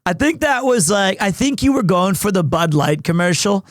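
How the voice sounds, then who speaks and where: A man live-streaming from home, chatting casually with his viewers in a rambling, excitable, self-deprecating way. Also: high voice, moderate pace, few pauses, dry recording, studio quality.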